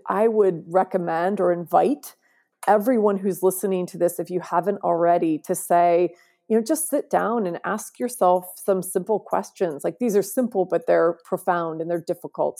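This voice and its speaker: Woman guest on an interview podcast, warm and mellow tone, earnest and emphatic. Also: fairly low pitch, vocal fry. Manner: earnest, emphatic, often asks "right?". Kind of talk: conversational interview.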